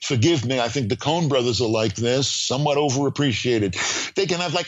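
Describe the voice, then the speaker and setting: An older man, a screenwriting professor, talking as a podcast guest in an animated, emphatic storytelling way with frequent fillers and restarts. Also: mid-range voice, brisk, highs cut off. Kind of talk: podcast interview.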